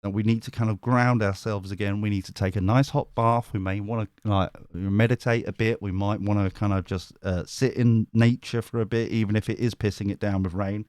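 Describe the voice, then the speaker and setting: A man's voice: fairly low pitch, steady tone, fairly quick, hardly any pauses, darkish tone, smooth, dry recording, studio quality. Rambling British man reading tarot. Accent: British English. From Britain. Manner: rambling, chatty, swears casually, gets sidetracked. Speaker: tarot reader. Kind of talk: live-streamed tarot reading and chat.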